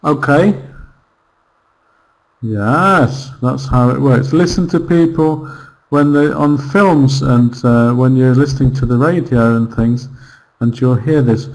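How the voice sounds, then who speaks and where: A man's voice: medium pitch, takes it slowly, darkish tone, poor audio. A man teaching pronunciation in an online class, patiently drawing out spoken examples.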